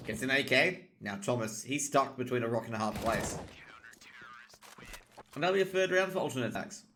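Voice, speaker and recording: A man's voice: medium pitch, fairly bright tone, a little hiss or hum. A man casting a competitive shooter match live, calling rounds play by play and lifting sharply on kills. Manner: rapid call-outs that lift sharply on kills. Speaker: esports caster. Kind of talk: play-by-play game commentary.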